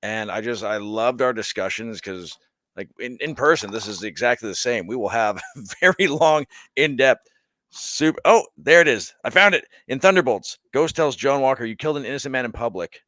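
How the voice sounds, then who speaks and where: A young man co-hosting a casual pop-culture podcast, animated and laughing often as he argues about comics. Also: mid-range voice, normal speed, no echo. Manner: animated, laughs often, quotes characters in put-on voices. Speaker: podcast co-host.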